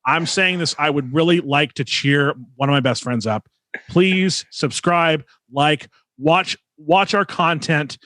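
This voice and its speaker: A man's voice: on the high side, pushed and bright, no echo. Earnest man podcast host, dry sound. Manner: earnest, emphatic, drawn-out pleas. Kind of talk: casual podcast chat.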